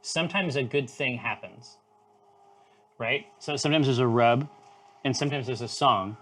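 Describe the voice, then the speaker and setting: A man co-hosting a live brewing stream in loose, joking chat, who swears and now and then sings softly to the brew. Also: mid-range voice, moderate pace.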